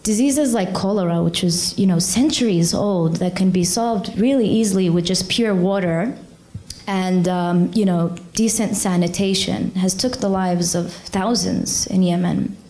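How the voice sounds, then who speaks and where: A woman's voice: on the low side, measured pace. Earnest young woman telling her story. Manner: earnest and conversational, many fillers, lively retold dialogue. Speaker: charity chairperson and guest speaker. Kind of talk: personal storytelling talk to a community audience.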